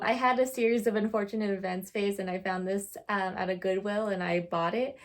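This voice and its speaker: A woman in her twenties talking casually to her phone camera by her bookshelves, chatty and self-mocking, laughing often. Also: medium pitch. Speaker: booktuber. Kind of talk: casual vlog monologue.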